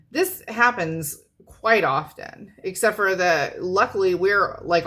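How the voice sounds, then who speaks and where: A woman's voice: fairly low pitch, a bit bright. A woman in her thirties telling a rambling, frank story to her camera, swearing casually and trailing off often. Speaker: vlogger.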